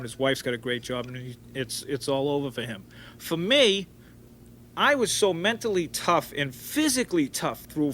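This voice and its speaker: A man with a medium-pitched voice, carrying a slight hiss or hum, is an interview guest telling stories. He rambles in an animated way, often restarting his sentences and acting out the quotes as he goes.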